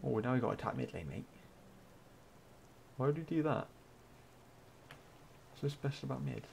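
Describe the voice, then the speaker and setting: A man chatting casually while playing an online game, excitable, swearing and laughing often. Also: medium pitch, normal speed, creaky, noisy background. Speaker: gamer. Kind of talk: casual multiplayer game chat.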